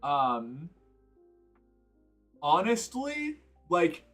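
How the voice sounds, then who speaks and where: A man from New England chats loosely on a stream, full of "like" and false starts as he drifts between topics. His voice is bright and forceful at a middle pitch, with faint music playing behind him. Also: wildly swooping pitch, extremely slow. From New England, United States. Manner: rambling, many fillers and restarts. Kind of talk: casual stream chat, reading chat aloud. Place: indoors, sitting on the floor.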